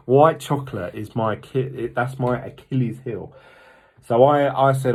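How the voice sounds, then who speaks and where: A man's voice: mid-range voice, moderate pace, darkish tone. A man, talking candidly and rambling in a casual vlog with lots of ums. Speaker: vlogger. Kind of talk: casual diet vlog talk.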